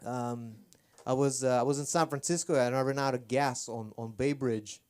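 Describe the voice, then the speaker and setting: A man's voice: medium pitch, fairly even intonation, normal speed, a little mellow, clean tone. Man, stand-up comic, self-deprecating storytelling, resonant voice. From Armenia. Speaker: stand-up comedian. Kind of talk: stand-up comedy. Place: comedy club stage.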